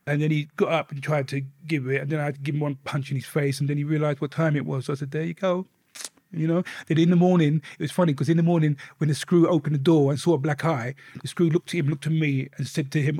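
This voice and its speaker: A middle-aged man, a softly spoken interview guest telling his life story and swearing freely. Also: on the high side, brisk, no room sound, clean studio sound.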